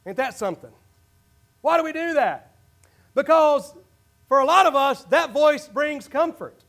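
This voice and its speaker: A man preaching a sermon as pastor, swinging from quiet reasoning to shouted calls and acting out imagined excuses. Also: extremely high pitch, expressive, slow pace, long pauses. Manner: builds to shouted, preaching climaxes.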